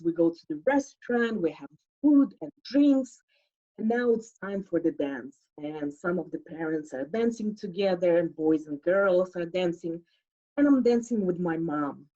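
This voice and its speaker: A woman's voice: lowish voice, animated, unhurried, dark tone, lo-fi sound. A woman telling a personal story live, chatty and full of "like", acting out the people she quotes.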